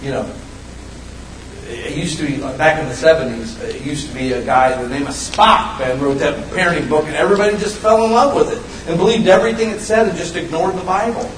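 A man in his fifties preaching a sermon as pastor, folksy and animated, with sudden shouted bursts. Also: on the high side, fairly quick, a little hiss or hum. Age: 50s. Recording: echoey room, voice from a distance.

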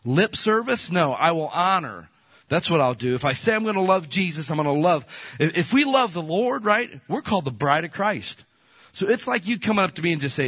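Animated husky-voiced male pastor preaching. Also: fairly high pitch, brisk, dry recording. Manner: animated, folksy, jumps into playful quoted voices. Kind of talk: sermon.

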